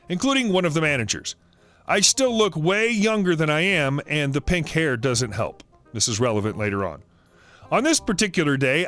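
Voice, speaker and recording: Man, story narrator, scripted reading, high pitch, very lively intonation. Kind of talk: scripted narration of online stories.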